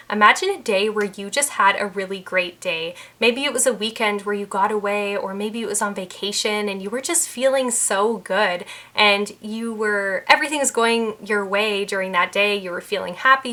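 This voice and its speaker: Young female mindset coach, bright tone, earnest and explanatory, talking-head delivery. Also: medium pitch. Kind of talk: talking-head advice video.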